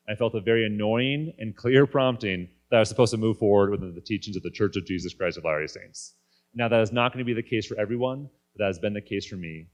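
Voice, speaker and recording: Candid man in his thirties, lowish voice. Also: quick pace, highs cut off. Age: 30s. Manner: candid, conversational. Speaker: guest speaker. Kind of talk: personal faith talk. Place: conference stage.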